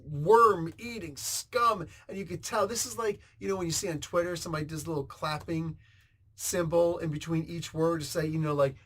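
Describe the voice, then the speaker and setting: Comic book guy rambling through a story, excitable, sound effects everywhere, slightly high voice. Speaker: comic book reviewer and host. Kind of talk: casual retelling of a comic story.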